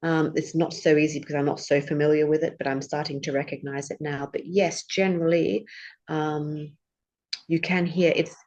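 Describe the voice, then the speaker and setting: A woman from England, a podcast guest talking in a relaxed, reflective way. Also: deep voice, moderate pace, lo-fi sound. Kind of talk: casual interview chat.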